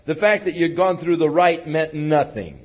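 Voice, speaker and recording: A man's voice: on the high side, normal speed. A man preaching a verse-by-verse sermon in a conversational way, with fillers and asides to his listeners. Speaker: pastor. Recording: dull lo-fi recording.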